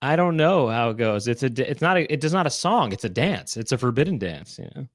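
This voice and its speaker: A man co-hosts a casual online chat show. He talks in a halting way, restarts often and teases his co-host. His voice is mid-pitched and close, with a dry sound. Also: very animated, no echo.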